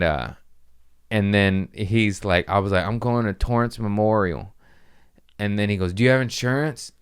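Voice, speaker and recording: A man hosting a comedy podcast, telling a story casually, profane and animated, acting out the people he quotes. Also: low voice, clean tone.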